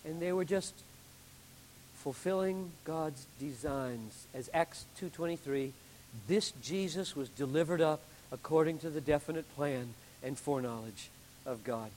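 A man pastor delivering a sermon with emphatic preaching, building to loud climaxes and then dropping low. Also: long reverb tail, slight background noise, rough recording.

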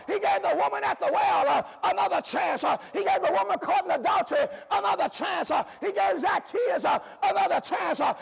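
A man preaching an impassioned sermon in a church, shouting each phrase in a rhythmic cadence with an "uh" before many lines. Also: extremely high pitch, gravelly. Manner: repetitive call-style cadence. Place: church sanctuary with congregation. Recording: echoey hall with faint congregation.

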